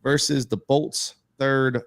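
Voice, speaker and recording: A man of middle pitch co-hosts a casual podcast, relaxed and easygoing as he steps through each segment. His voice is dry, with no echo behind it. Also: slow, vocal fry. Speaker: podcast co-host. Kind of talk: casual fan podcast chat.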